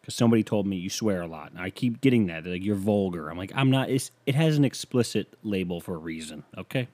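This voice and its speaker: Low-voiced man hosting a comedy podcast. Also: expressive, quick pace, darkish tone. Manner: rambling, self-mocking storytelling. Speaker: podcast host. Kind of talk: comedic solo podcast monologue. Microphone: studio microphone.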